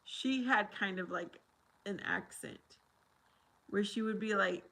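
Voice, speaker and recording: An American woman hosts a casual livestream and talks unhurriedly in a bright, clear voice. She rambles in a chatty way and laughs often as she answers her viewers. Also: medium pitch, slow, low-quality recording. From United States.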